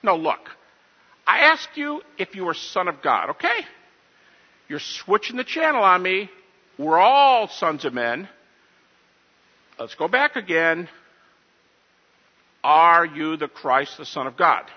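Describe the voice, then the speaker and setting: A man voicing an exasperated ancient high priest. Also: sing-song, slow pace, long pauses, slightly rough, heavily acted. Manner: indignant, arguing. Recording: dull audio in a reverberant hall.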